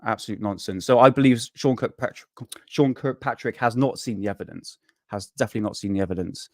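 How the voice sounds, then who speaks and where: A man's voice: fairly low pitch, fast, a little mellow, dry recording, studio quality. A man hosting a casual live stream, rambling and swearing freely, worn out and burnt out, chatting to viewers. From United Kingdom.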